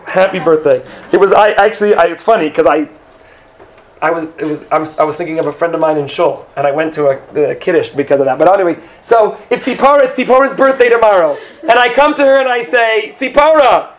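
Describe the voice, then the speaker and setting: A man teaching a Torah lesson to a class, telling jokes and stories in an animated, chatty way. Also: high-pitched, fast talker. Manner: animated storytelling with joking asides.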